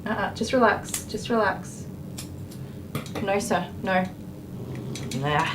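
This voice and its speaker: A woman's voice: mid-range voice, slow pace, background noise. An Australian woman working as a dog groomer on a live stream. She jokes with viewers and soothes the dog with baby talk.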